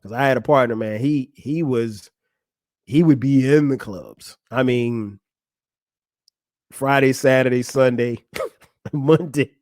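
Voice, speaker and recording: A man's voice: mid-range voice, slow pace, pauses often, a little mellow, no echo, studio quality. A man in his forties hosting a podcast, talking casually and frankly about marriage, laughing often and speaking straight to a friend. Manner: conversational, laughing often, addressing a friend directly. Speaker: podcast host. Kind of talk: casual advice monologue.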